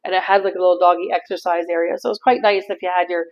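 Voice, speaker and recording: Fast-talking chatty woman vlogger, lo-fi sound. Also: fairly low pitch. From Canada. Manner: chatty, animated, laughs easily. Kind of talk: casual vlog storytelling.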